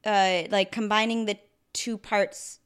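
A young adult woman co-hosting a podcast in a casual chat, animated and quick to laugh. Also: medium pitch, clean tone. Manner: animated, laughs often, talks in bursts. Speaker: podcast co-host.

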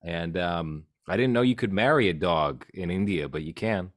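A man's voice: low voice, normal speed, no echo. A man hosting a podcast, chatting casually about films with dry humor. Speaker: podcast host. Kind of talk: casual film chat.

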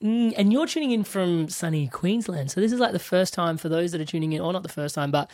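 An Australian woman hosting an interview, chatty and filling pauses with soft murmurs. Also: lowish voice, lively intonation. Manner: chatty, with frequent filler murmurs. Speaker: podcast host.

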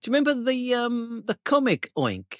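A man's voice: extremely high pitch, sing-song, normal speed, dry recording, studio quality. A man co-hosting a podcast, chatting casually, laughing often and swearing now and then. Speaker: podcast co-host. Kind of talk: casual chat.

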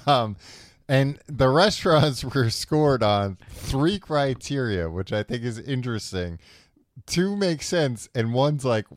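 A man's voice: mid-range voice, animated, takes it slowly, no echo, clean studio sound. A man co-hosting a comedy podcast, casually reading out a list with sarcastic teasing. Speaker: podcast co-host.

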